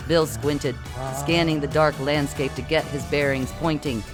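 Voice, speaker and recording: A narrator reading a comic science-fiction story with brisk, comic storytelling. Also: medium pitch, a bit bright, faint music behind. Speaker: audiobook narrator. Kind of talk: scripted narration.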